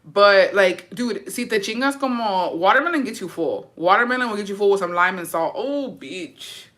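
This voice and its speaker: A woman's voice: medium pitch, lively intonation, moderate pace, a bit bright. A young woman livestreaming, chatting casually and answering viewer comments in a blunt, profane and dramatic way.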